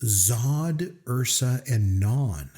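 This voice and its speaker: A man's voice: medium pitch, animated, drawn-out words, warm tone, a little hiss or hum. A man co-hosting a casual podcast and running a quiz, talking in a joking, self-deprecating way. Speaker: podcast co-host and trivia quizmaster.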